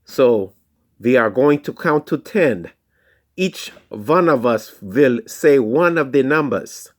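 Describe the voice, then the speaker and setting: A man voicing a hideous, scheming male mad-scientist villain in a put-on thick German accent, loud and mocking. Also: medium pitch, animated, slow, voice pushed up. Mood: menacing.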